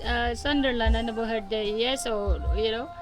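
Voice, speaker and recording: A woman's voice: fairly high pitch, fairly even intonation, normal speed. A woman from the Philippines with a Filipino accent, chatting casually in a garden and giggling often, speaking broken English. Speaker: vlogger's wife. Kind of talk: casual chat. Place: garden, outdoors. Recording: faint music in the background.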